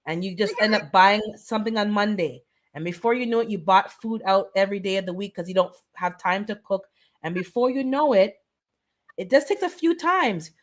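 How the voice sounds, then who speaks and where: Hosting a relaxed live-stream wellness chat, this Caribbean woman of Jamaican descent talks in a medium-pitched voice, a little fast. Her tone is earnest and pleading, and she repeats things to hammer her points home.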